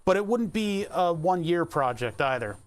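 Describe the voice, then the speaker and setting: A man with a slightly raised pitch chats casually on a live stream. He thinks aloud, rambles from idea to idea and laughs often. He keeps talking while he pedals an exercise bike. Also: sing-song, moderate pace. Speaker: Twitch streamer.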